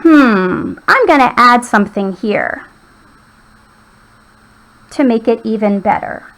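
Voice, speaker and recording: A woman's voice: on the high side, animated, slow pace, fairly bright tone, rough recording. A woman teacher patiently walking young children through a writing lesson.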